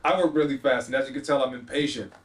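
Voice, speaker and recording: A man's voice: medium pitch, quick pace, roomy sound. Dude on his podcast, slangy, acting out the convo as he tells the story. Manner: animated storyteller, acts out dialogue, slangy. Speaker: podcast host. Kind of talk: casual storytelling monologue.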